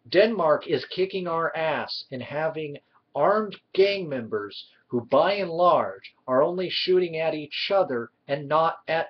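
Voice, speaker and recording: A man's voice: on the high side, husky. A man ranting in a heated, sarcastic way as a vlogger giving his opinions. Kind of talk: opinionated commentary. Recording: dull lo-fi recording.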